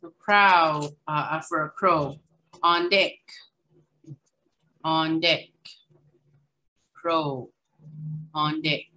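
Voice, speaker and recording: Slow, bright-voiced woman teaching vocabulary. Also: sits low, fairly even intonation, low-quality recording. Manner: slow, repeats each word carefully, casual asides. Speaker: language teacher. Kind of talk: online language lesson.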